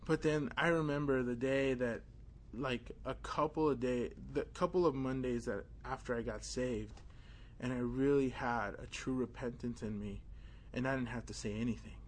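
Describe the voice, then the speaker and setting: A young man preaching an informal sermon, telling a personal story in a casual, animated way with many fillers. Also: medium pitch, normal speed, a little hiss or hum.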